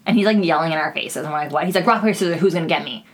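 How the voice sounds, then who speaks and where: A young woman with a low, deep-set voice chats casually on a podcast. She rambles through her stories, filling them with "like" and plenty of swearing. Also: racing. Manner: chatty storytelling, frequent swearing and "like" fillers. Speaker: podcast co-host. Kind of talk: casual chat.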